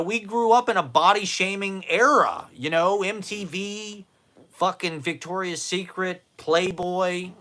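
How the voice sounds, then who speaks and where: Rambling, profane man with a bright voice. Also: sits high. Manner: rambling, self-deprecating, profane, laughs often. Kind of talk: rambling monologue to camera.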